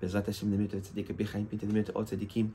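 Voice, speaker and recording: A man's voice: on the low side, monotone, rapid-fire. A man giving a sermon as a rabbi, impassioned and emphatic, weaving Hebrew terms into his teaching.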